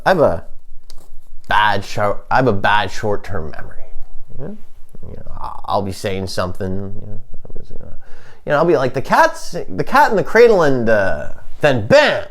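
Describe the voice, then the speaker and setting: A man hosting a comic monologue, rambling and halting with many fillers, delivering sardonic deadpan jabs. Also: on the low side, creaky. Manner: halting, full of fillers and restarts. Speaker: comedian host.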